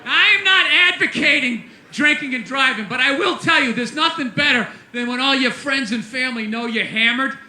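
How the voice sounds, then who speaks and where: High, bright-voiced ranting male comic. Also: normal speed, hardly any pauses, echoey room, a little hiss or hum. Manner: profane, exasperated, bursts into shouting. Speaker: stand-up comedian. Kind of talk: stand-up comedy rant.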